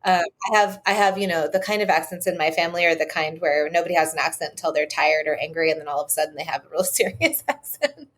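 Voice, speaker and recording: A woman's voice: sits low, animated, fast, hardly any pauses. A woman in her forties, a historian guest on a podcast, chatting eagerly with lots of fillers. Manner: enthusiastic, chatty, many "like" and "um". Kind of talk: casual chat.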